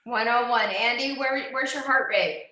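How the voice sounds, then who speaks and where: A woman's voice: a little high, moderate pace, bright, forceful tone, slight background noise. A woman instructor coaching an indoor cycling class, encouraging riders and checking in on each of them by name. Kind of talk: live online fitness class coaching. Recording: very echoey room.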